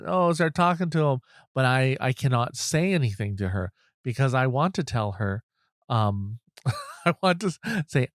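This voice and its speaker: A man's voice: fairly high pitch, lively intonation, brisk, clear, resonant tone, dry recording, studio quality. A middle-aged man hosting a podcast, telling a self-deprecating story in a rambling, casual way, restarting his sentences often. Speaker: podcast host. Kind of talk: casual anecdote.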